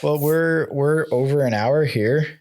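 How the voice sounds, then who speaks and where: A man's voice: a little high, measured pace, darkish tone. A man in his thirties hosting a podcast, chatting casually and joking around with his guest, laughing often. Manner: laid-back, jokey, laughs often. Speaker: podcast host.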